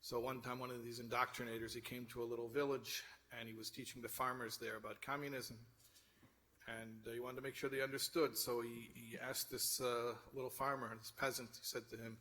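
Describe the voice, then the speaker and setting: A man's voice: mid-range voice, little pitch movement, brisk, bright, forceful tone. A man giving a sermon, telling a story and then urging his listeners on with rising fervor. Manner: storytelling, rising to fervent exhortation. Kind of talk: sermon with told joke.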